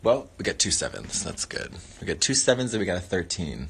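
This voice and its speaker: Man, livestream host, playful rambling chat, lower voice, swooping pitch. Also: very animated, fairly quick, gravelly, slight background noise. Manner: playful, rambling, repeatedly mutters catchphrases. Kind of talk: casual livestream chat while eating.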